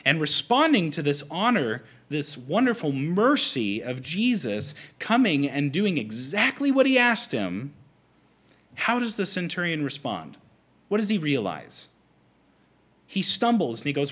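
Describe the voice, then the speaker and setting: A man preaching a conversational sermon to a congregation, animated and acting out quoted lines. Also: fairly high pitch, measured pace. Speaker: pastor.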